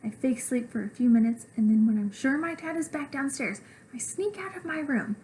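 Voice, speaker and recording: A woman teacher reading a children's chapter book aloud with expressive, animated delivery. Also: high-pitched, normal speed, slight background noise, poor audio.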